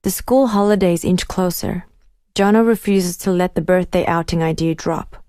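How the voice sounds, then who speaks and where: A woman narrates a first-person story in a measured, inward way. Her voice is on the low side and mellow. The read is close-miked and dry. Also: no room sound. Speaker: audiobook narrator.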